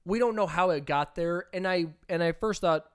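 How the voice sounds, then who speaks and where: Bright-toned man telling a story. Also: sits high, normal speed, clear, resonant tone. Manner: animated, emphatic storyteller. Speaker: podcast co-host. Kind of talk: casual chat, storytelling.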